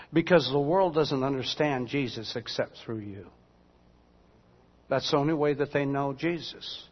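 A man's voice: medium pitch, unhurried. A man preaching as a pastor, telling everyday stories in a folksy, conversational way with asides to the congregation. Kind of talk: storytelling sermon. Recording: dull lo-fi sound with long hall reverb.

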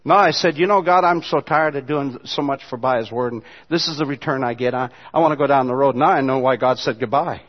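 A man preaching a sermon as pastor, dropping to quiet asides and rising to loud, emphatic passages. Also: medium pitch, a little fast, hardly any pauses, long reverb tail, dull audio.

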